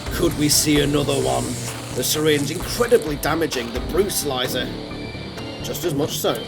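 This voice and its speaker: A man giving excitable, mock-dramatic comedic commentary on a robot battle. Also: a little high, normal speed, creaky, over music.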